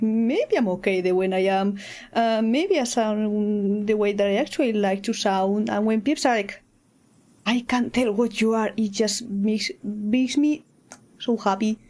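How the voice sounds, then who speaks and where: Giggly, playful streamer. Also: female voice, a little high, a little mellow. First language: Spanish. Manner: playful and giggly, with many restarts. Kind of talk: casual gameplay streaming chat.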